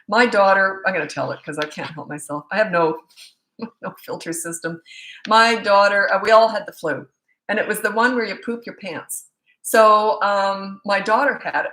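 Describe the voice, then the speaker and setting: A woman's voice: mid-range voice, a bit bright. Chatty middle-aged woman, roomy echo. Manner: chatty, laughs often, self-mocking. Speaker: parenting coach. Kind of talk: casual Q&A monologue.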